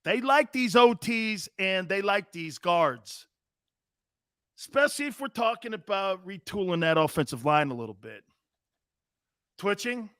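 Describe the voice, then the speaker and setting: A man's voice: sits high, big pitch swings, unhurried, bright, forceful tone, smooth, dry recording, studio quality. A man hosting a sports talk show, joking and rambling and laughing often.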